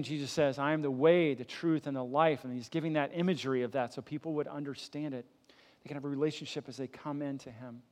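Preaching man, rising and falling emphasis. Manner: swells louder and higher for emphasis, then drops low and soft; conversational preaching with rhetorical questions. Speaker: pastor. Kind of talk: sermon.

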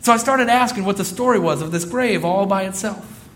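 Male pastor, thirties, high voice, earnest sermon, repeats key phrases. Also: fairly quick, a little hiss or hum.

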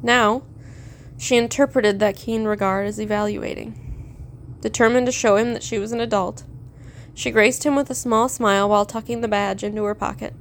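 A woman narrating a story aloud in a steady, measured reading. Her voice sits fairly high, with a faint hiss underneath. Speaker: fan fiction reader.

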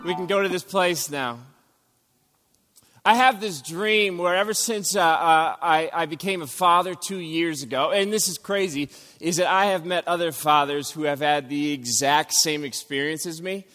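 A man in his thirties preaching a sermon, telling stories with animated delivery and sudden loud outbursts. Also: a little high, moderate pace, in a large hall, soft background music. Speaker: pastor.

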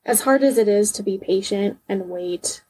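A woman's voice: medium pitch, normal speed, mellow, husky, rough recording. A woman co-hosting a true-crime podcast in casual chat, reading case details aloud in between. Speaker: podcast co-host.

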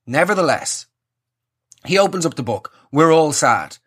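A man's voice: fairly high pitch, big pitch swings, normal speed, a bit bright, husky. A young Irish man telling a comic story with sweary, exasperated ranting. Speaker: comedian.

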